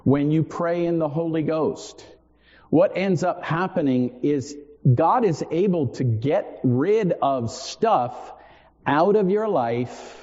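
A man's voice: fairly high pitch, expressive, takes it slowly, a little mellow. A man in his forties preaching a sermon, earnest, repeating key phrases for emphasis with self-deprecating asides. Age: 40s. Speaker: pastor. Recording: dull sound in a long-reverb hall.

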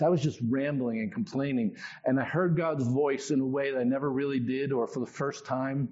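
A man telling his own testimony in a sermon, in a conversational, animated storytelling way. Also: medium pitch, a little fast, few pauses, muffled recording. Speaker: preacher.

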